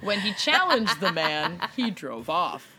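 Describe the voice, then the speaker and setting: A woman's voice: lowish voice, unhurried, a little hiss or hum. A woman co-hosting a casual true-crime podcast, reading from her notes and laughing as she tells the story. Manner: animated storyteller, laughs while reading quotes. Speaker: podcast co-host.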